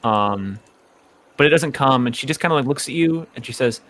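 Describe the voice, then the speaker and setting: A man's voice: mid-range voice, expressive, fairly quick, fairly bright tone, slight background noise. A man narrating as game master of a tabletop horror game, loose and full of filler words. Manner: loose, hedging, full of likes and kindas.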